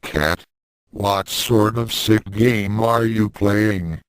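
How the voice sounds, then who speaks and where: A man's voice: lowish voice, extremely slow, clear, resonant tone, no room sound, rough recording. A man reading fan fiction aloud and voicing a hot-tempered young fighter with a defensive, frustrated manner. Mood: angry. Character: young martial artist boy, guilty and hot-tempered.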